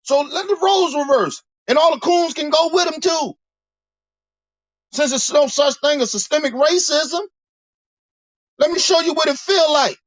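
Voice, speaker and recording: A man's voice: very high-pitched, moderate pace, pauses often, no echo, muffled recording. A man delivering a heated, profane monologue rant, preaching and repeating himself as he builds his points. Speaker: commentator.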